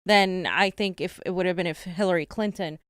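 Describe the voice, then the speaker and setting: A woman's voice: on the low side, fairly quick, a bit bright, no echo, clean studio sound. A woman co-hosting a casual political chat, giving blunt, exasperated commentary. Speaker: co-host.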